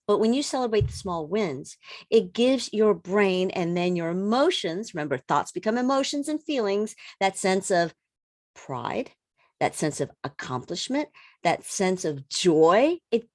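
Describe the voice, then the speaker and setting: A woman holistic coach giving a casual motivational talk, animated and repeating words for emphasis. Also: lowish voice, no echo, clean studio sound.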